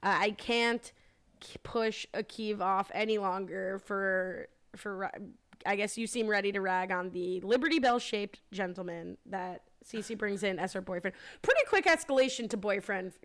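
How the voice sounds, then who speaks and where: A woman's voice: mid-range voice, moderate pace, fairly bright tone. A woman hosting a podcast in casual chat, leading the talk and reading out listener questions. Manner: chatty, leads the discussion, reads listener questions. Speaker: podcast host.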